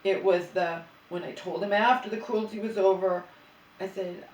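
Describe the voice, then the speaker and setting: This middle-aged woman vents in a heated, swearing ramble, doubling back and restarting her sentences. Her voice sits at an ordinary pitch for a woman. It echoes around a room, picked up from some distance off the mic. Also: steady tone, normal speed, darkish tone, slight background noise. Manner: agitated, profane, rambling with restarts. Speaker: vlogger. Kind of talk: emotional venting monologue.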